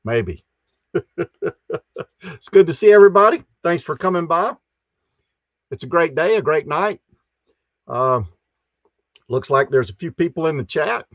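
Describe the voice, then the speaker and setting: A man hosts a live stream, greeting each viewer in a folksy way. His voice sits a little high. The sound is dry and slightly dull, like a lo-fi home setup. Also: animated, unhurried, pauses often, no room sound. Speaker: host.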